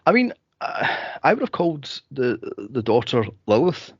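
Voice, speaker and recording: A man co-hosting a podcast in casual chat, animated and laughing often, jumping into high squeals to act out scenes. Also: normal speed, breathy edge, no echo. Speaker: podcast co-host. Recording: dull lo-fi dry sound.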